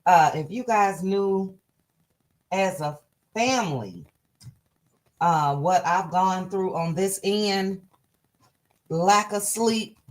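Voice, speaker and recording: A woman hosting a casual livestream chat, tired and a little hoarse, greeting viewers by name. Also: medium pitch, slow, pauses often. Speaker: livestream host.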